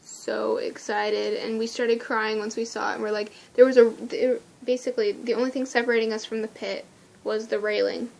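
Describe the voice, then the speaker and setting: Woman vlogger with a slightly high voice, excitable and gushing, casual storytelling with frequent laughs. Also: normal speed, vocal fry, few pauses.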